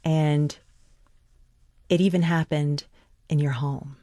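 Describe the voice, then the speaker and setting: An interviewer asking questions and reading excerpts in a measured, deliberate way. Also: mid-range voice, steady tone, mellow, dry recording, clean studio sound.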